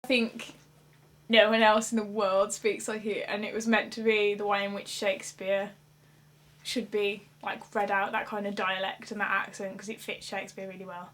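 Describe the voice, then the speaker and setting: A woman's voice: medium pitch, moderate pace. Chatty young Black Country woman. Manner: chatty, animated, laughs while talking. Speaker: interviewee. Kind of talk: casual chat.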